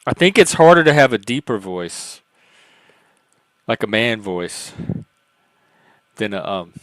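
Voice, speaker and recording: A man's voice: on the low side, big pitch swings, slow pace, a bit bright, dry recording. Man, stream host, casual chat, self-mocking, laughs a lot, light voice, dry recording. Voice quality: light, youthful-sounding voice for a man.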